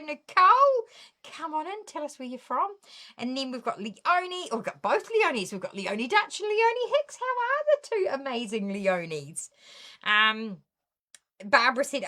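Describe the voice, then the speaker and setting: A woman's voice: sits high, bright, forceful tone. A middle-aged woman with a New Zealand accent, hosting a casual craft live stream and greeting viewers one by one by name.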